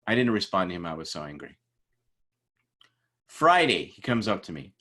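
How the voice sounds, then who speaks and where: Man lecturing with lively storytelling. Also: low-pitched, moderate pace. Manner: animated storytelling, acts out quoted people. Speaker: instructor. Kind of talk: informal lecture with anecdotes.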